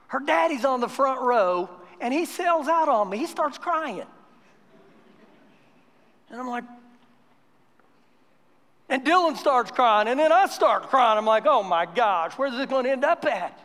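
High-voiced preaching pastor in reverberant church. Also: male voice, animated, unhurried, pauses often, fairly bright tone. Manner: conversational storytelling building to emphatic preaching. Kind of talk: sermon. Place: church sanctuary during a live service. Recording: long church hall reverb.

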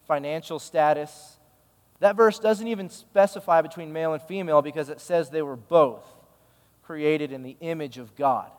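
A man's voice: a little high, long reverb tail. A male pastor giving a sermon, telling a story in a conversational, emphatic way.

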